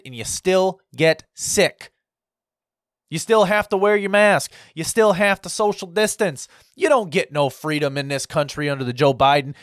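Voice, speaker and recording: A man's voice: a little high, no echo, clean studio sound. A man in a heated political rant, angry and repetitive, stumbling over restarts as he talks. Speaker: political commentator.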